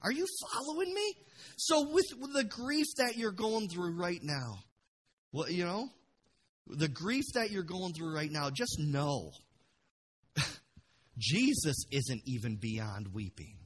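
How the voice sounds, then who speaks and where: A man pastor preaching a passionate sermon in a church, dropping to a hush and then rising to loud bursts. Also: a little high, very animated, slow, long pauses, breathy edge. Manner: passionate, swings from hushed to loud.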